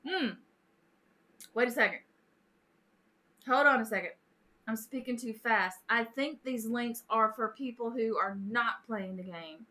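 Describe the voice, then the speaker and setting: A woman's voice: a little high, a little slow, long pauses, sharp tone. A woman hosting a casual live stream, chatting with viewers, greeting them by name and laughing often.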